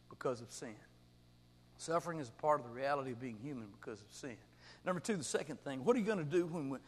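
A man preaching a sermon as a pastor, swinging from quiet intensity to shouting. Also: fairly high pitch. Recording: long hall reverb.

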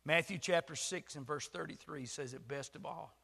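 A man's voice: fairly high pitch, moderate pace, creaky, sharp tone, slightly rough. A male pastor preaching a sermon in a folksy, self-deprecating style with jokes, in a church sanctuary. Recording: long hall reverb.

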